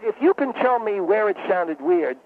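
A man's voice: high-pitched, expressive, moderate pace. A man playing a touchy male doctor with slurred, mumbled, hard-to-understand speech. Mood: defensive. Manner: touchy and defensive. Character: garbled-talking male doctor, former lion tamer. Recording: tinny phone-like line.

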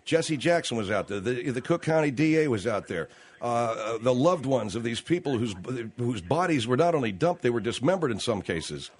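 A man's voice: mid-range voice, expressive, normal speed, husky. Exasperated male radio talk host. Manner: exasperated, protesting.

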